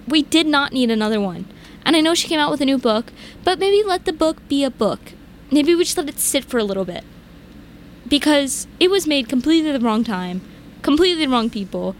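A young woman talks in a casual chat, her fairly high voice leaping up in pitch as she rants. She fills her sentences with "like" and sounds fired up throughout. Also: normal speed, a little hiss or hum. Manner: animated ranting, lots of "like", big pitch jumps. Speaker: podcast co-host.

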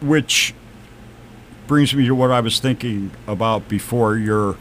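Slow, thoughtful band founder. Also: male voice, mid-range voice, a little hiss or hum. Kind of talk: casual chat.

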